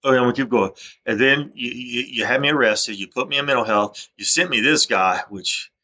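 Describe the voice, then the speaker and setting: An agitated man with a drawl rants in a long, repetitive monologue. He often stumbles and starts his sentences over. His voice has a bright, forceful edge. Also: mid-range voice, brisk. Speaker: vlogger. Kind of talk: aggrieved rambling monologue over screen recording.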